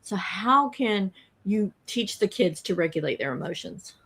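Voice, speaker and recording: A woman's voice: medium pitch, animated, unhurried, gravelly, a bit bright, slightly rough. Woman podcast host, chatty, kinda rambly questions. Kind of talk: podcast interview.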